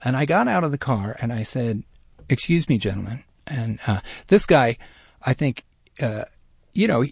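A middle-aged man telling a personal story in a lively, self-deprecating way, with many restarts. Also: medium pitch, moderate pace, vocal fry, slightly rough, no room sound, clean studio sound. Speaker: storyteller guest.

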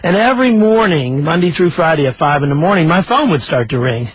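An older man, a storyteller and author, telling a story in a folksy, animated way and acting out the dialogue. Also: fairly high pitch, fairly quick, slightly rough, lo-fi sound. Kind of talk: oral storytelling.

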